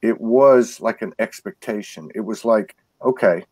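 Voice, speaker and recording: A man with a lowish voice, recorded close and dry, talks as a guest in a casual spiritual conversation. He stumbles through restarts and repeated words while telling his stories earnestly. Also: measured pace, darkish tone, slightly rough, no room sound. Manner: earnest storytelling.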